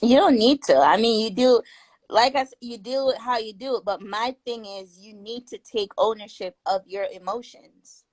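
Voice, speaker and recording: A woman's voice: on the high side, dry recording, low-quality recording. A woman in a casual podcast debate, challenging and questioning the others. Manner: challenging, questioning, quick to push back. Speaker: podcast panelist.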